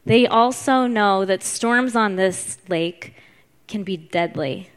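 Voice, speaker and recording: A woman preaching a sermon, telling the story in a lively way and acting out the voices of the people in it. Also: medium pitch, slow, clean tone. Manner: animated storytelling, acts out voices.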